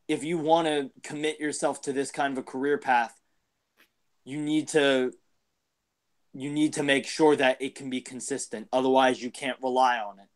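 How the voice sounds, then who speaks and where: A man in a casual podcast chat, earnestly lecturing a friend with advice. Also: medium pitch. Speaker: podcast co-host.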